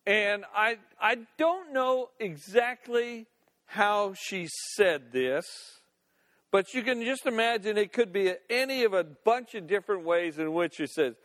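An older man gives a sermon in a fairly high voice. He moves between reading scripture and chatty, down-to-earth comment. He acts scenes out in different voices as he goes. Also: lively intonation, a little slow, a bit bright. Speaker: pastor.

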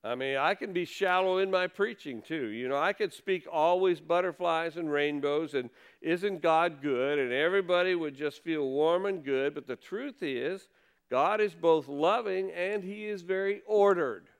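A man's voice: a little high, moderate pace, clean tone. A man preaching a conversational sermon from the pulpit, reading scripture and stressing key words. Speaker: pastor.

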